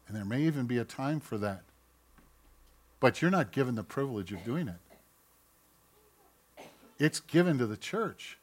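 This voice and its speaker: A man preaching a sermon, swinging from loud mocking outbursts to quiet asides and acting out quoted voices. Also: mid-range voice, animated, moderate pace, pauses often. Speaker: pastor.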